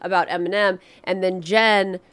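A woman's voice: on the low side, steady tone, moderate pace, a bit bright. A woman hosting a podcast, talking in a blunt, profane, opinionated way in casual chat. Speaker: podcast host.

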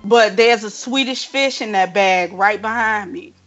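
A woman hosting a casual podcast chat, animated and playful as she tells stories. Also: medium pitch, measured pace, highs cut off, soft background music. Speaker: podcast host.

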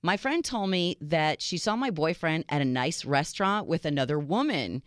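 A woman co-hosting a casual dating-advice show, animated, jumping high in pitch when she acts out quotes. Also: moderate pace, dry recording, clean studio sound. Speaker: co-host. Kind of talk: casual podcast chat.

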